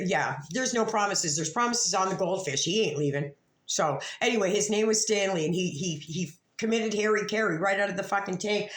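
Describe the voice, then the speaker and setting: Profane rambling woman in echoey room. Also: medium pitch. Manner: profane, rambling, with frequent restarts. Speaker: YouTube commentator. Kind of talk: casual rambling commentary.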